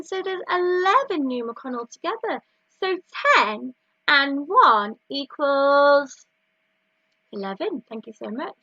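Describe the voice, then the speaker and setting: Bright, slow-speaking Northern English teacher. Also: female voice, high-pitched, no echo, highs cut off. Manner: slow, clear, encouraging teacher talk with counting chants. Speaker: reception class teacher. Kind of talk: remote maths lesson for young children.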